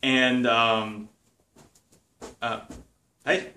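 A man hosting a casual home vlog, enthusiastic and excitable, talking in his dining room during a party. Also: medium pitch, drawn-out words, slight background noise. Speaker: video host. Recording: roomy sound from a distance.

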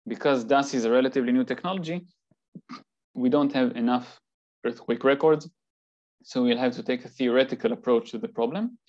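A man delivers a slide lecture in a calm, explanatory way, pausing now and then on fillers. His voice sits at an ordinary middle pitch. The recording is a little dull and lo-fi. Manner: measured, explanatory, occasional fillers. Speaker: seismology lecturer. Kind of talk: academic talk with slides.

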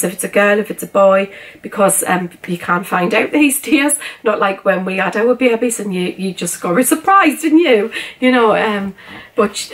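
A middle-aged British woman chatting casually to camera in a home vlog, gushing and rambling with lots of fillers. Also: mid-range voice. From United Kingdom. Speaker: vlogger. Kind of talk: casual haul vlog chat. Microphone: camera on a tripod, then handheld.

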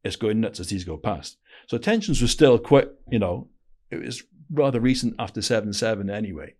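A man with a fairly low voice tells stories in a casual podcast interview. He is blunt and slangy, and he often restarts his sentences as he talks. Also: animated, fairly quick, darkish tone. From Wales. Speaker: podcast guest, former intelligence operative.

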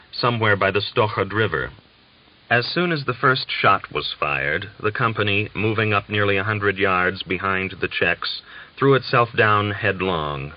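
A man reading a novel aloud as an audiobook narrator, in a measured, steady way. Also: low-pitched. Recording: dull lo-fi audiobook recording.

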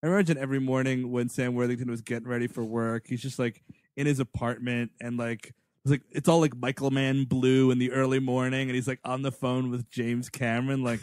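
A man co-hosting a comedy movie podcast, tossing in quick jokey asides. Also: mid-range voice, little pitch movement, a little mellow, dry recording, studio quality. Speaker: podcast co-host. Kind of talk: casual comedic movie-review chat.

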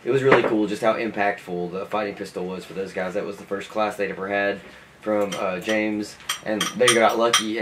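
A man's voice: lowish voice, heavy background noise. A man on a casual morning show, recounting a class in a rambling way full of fillers. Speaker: show regular. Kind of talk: casual chat about a training class.

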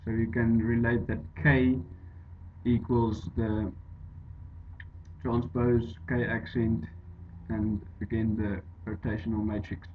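A man explaining an engineering derivation over slides in a halting way, with many fillers and restarts. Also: on the low side, flat delivery. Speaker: engineering tutor. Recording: dull lo-fi voice-over with faint hiss.

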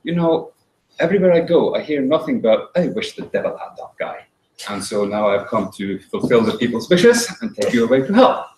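A man voicing a sly, smooth-talking male devil in a told folk tale, with a mild, bargaining manner. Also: mid-range voice, very animated, fairly quick, darkish tone, recorded from a distance, a little hiss or hum, natural voice. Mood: persuasive. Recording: roomy echo.

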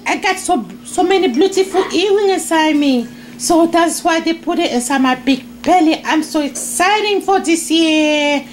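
Pula, a woman voicing a slow-talking Easter egg. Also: very high-pitched, a little hiss or hum. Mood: boastful. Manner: slow, broken non-native English grammar. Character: fed-up female Easter egg named Pula.

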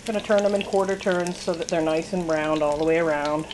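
Talking quickly in a lowish, fairly even voice, this cooking vlogger chats to the camera during a relaxed demo in her own kitchen, rambling, laughing frequently, and teasing herself. The background is noisy, and the camera sits on the counter before she picks it up to film handheld.

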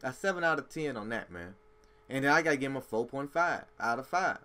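A man's voice: medium pitch, fairly quick. A man hosting a music reaction video, giving blunt, emphatic opinions in casual street slang. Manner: animated, emphatic street slang, says "bro" often.

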